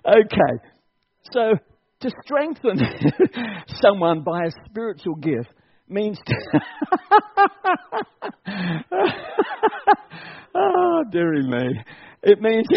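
A man preaching to his church congregation in a high, lively voice that swoops up and down as he urges them on and laughs along. The sermon recording sounds dull and lo-fi. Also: extremely slow, long pauses. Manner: animated, exhorting, laughs often. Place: church service.

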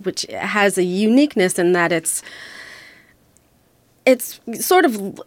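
A woman's voice: medium pitch, lively intonation, slow pace, no room sound. A woman with an American accent, speaking as a guest on a radio panel in a thoughtful, candid way. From United States. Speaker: panel guest, audio engineer and radio co-host.

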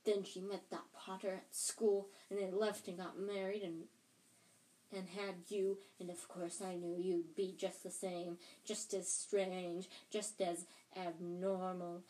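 A woman's voice: lowish voice, little pitch movement, slow, warm tone, poor audio. A woman reading a storybook aloud, voicing a spiteful middle-aged aunt who shrieks and rants with bitterness. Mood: ranting.

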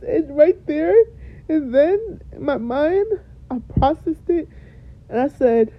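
A woman's voice: high-pitched, lively intonation, takes it slowly, a little hiss or hum. A young woman hosting a podcast, telling her own story to listeners while tearful and repeating herself for emphasis. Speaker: podcast host. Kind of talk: emotional personal storytelling. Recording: dull lo-fi recording.

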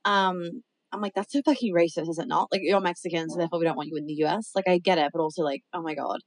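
A woman's voice: fairly low pitch, fairly even intonation, quick pace, no echo, low-quality recording. A woman co-hosting a podcast in casual chat, talking freely with frequent swearing and laughs. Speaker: podcast co-host. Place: home in the American South.

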